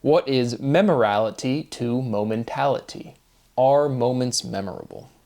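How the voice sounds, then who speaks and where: A man's voice: medium pitch, expressive, unhurried, creaky, a little mellow. A man thinking aloud in an unscripted solo monologue, rambling through free-associating wordplay and often checking in with "right?". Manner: thinking aloud with fillers and restarts. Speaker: host of a self-made video series.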